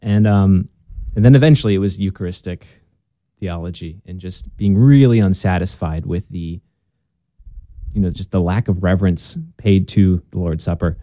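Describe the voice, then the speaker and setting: A young man with a very dark, mellow voice talks casually and earnestly about his own story, now and then acting out old conversations. The sound is dry and close, with no room echo. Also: low voice, normal speed. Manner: earnest, storytelling, acts out past dialogue. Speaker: guest, Catholic convert.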